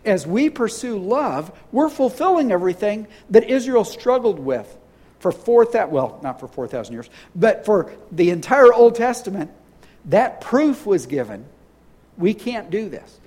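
A middle-aged male pastor preaching in an earnest, conversational way, with a voice that sits high for a man. He reads scripture aloud, restarts phrases and repeats words as he builds his points. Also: big pitch swings, measured pace, a little mellow, breathy edge. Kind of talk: sermon.

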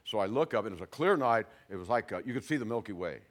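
An older man shares his testimony before an audience. His pitch rises and falls in lively swings. He drops to a hush and then bursts out loud as he talks. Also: fast talker. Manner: animated storyteller, swings from hushed to loud. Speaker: speaker giving testimony.

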